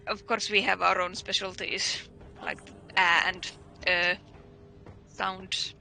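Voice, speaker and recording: Guy talking slow, really bright sharp voice, stumbles and repeats himself. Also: high-pitched, steady tone, vocal fry, faint music behind, rough recording. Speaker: gaming stream co-host. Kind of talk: casual chat.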